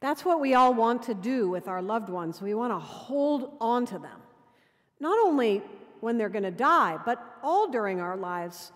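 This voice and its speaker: A woman dean preaching a sermon in measured storytelling, sometimes dropping to quiet intimacy. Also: a little high, expressive. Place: cathedral. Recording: long cathedral reverb.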